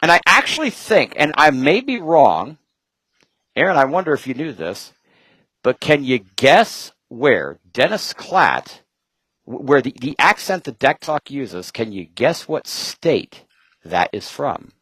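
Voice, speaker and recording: A man talking as a guest in casual chat, rambling from point to point with quick asides and jokes. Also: mid-range voice, very animated, fairly bright tone, husky, no room sound, low-quality recording.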